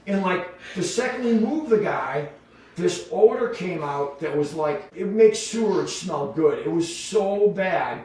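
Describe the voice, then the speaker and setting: A man who is a podcast guest, telling a long story in a casual, animated way, full of fillers and voiced quotes. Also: sits high, measured pace. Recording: echoey room, far from the mic.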